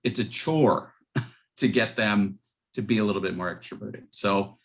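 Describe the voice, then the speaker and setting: A man's voice: fairly low pitch, unhurried. A man reporting back from a group discussion in an online class, hesitant with many fillers. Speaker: student. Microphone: video call.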